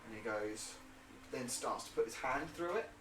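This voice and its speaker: Rambling game master in an echoey room. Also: male voice, medium pitch, lively intonation, normal speed, a bit bright, a little hiss or hum. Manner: rambling, hesitant with many fillers. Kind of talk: narrating a tabletop game. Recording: roomy and distant.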